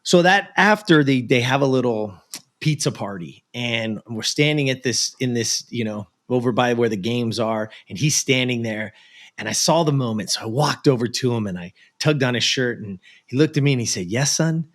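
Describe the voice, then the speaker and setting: Male interview guest from the US, animated storyteller, average pitch. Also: moderate pace. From United States. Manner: animated, acts out the voices of people in his story. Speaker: guest, productivity and life coach.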